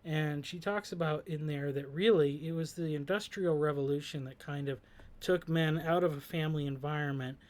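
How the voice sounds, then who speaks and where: This host's voice is a little high, with fairly even intonation, a moderate pace and hardly any pauses. He offers reflective commentary on a song's lyrics, hesitant and thoughtful, with many fillers and restarts.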